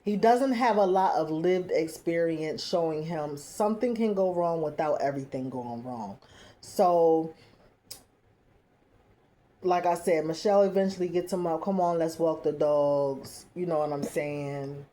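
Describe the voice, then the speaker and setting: A woman recapping a reality show in a casual, opinionated, animated way. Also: on the low side, a little slow. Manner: chatty, opinionated, animated storytelling with playful asides.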